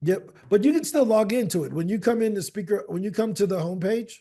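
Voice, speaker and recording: A man's voice: high-pitched, lively intonation, quick pace, mellow. A man in casual video call chat, upbeat and walking someone through his screen share. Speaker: speaker platform representative.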